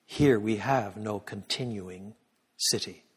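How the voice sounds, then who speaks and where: A man giving an emphatic sermon-style lecture in a church, swinging from loud peaks to a hushed prayer. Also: on the low side, slow, breathy edge. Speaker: guest lecturer. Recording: long reverb of a church hall.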